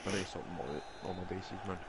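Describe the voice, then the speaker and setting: A man's voice: low-pitched, fast, very noisy. A young Scottish man swearing and joking with friends during a football game. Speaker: gamer. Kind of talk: casual chat while gaming.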